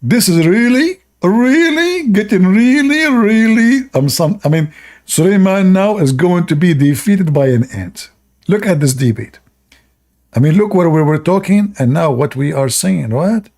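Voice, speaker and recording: A man hosting a livestream, retelling a story mockingly in halting, non-native English with frequent laughs. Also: a little high, animated, dark tone. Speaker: livestream host.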